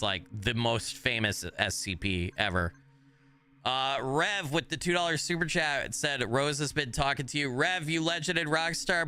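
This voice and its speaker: A man streaming a horror game live, chatting with his viewers and swearing often, sometimes yelling in a high mock panic. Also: clear, resonant tone. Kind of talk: live gameplay commentary.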